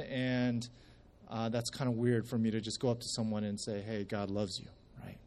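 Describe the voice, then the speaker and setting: A man's voice: lowish voice, flat delivery, normal speed, a little mellow. Conversational man telling a church story. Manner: conversational storytelling with many restarts, acting out quoted speech. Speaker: church member sharing at a service. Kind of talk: casual church testimony.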